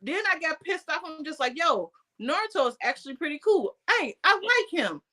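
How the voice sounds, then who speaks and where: High bright animated woman storyteller. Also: normal speed. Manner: animated storyteller, heavy swearing, loud outbursts. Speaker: podcast co-host. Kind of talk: casual chat.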